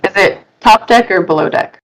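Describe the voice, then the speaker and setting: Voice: mid-range voice, moderate pace, a bit bright, poor audio. A player in a tabletop game who makes wry jokes and keeps to short replies. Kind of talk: casual tabletop play.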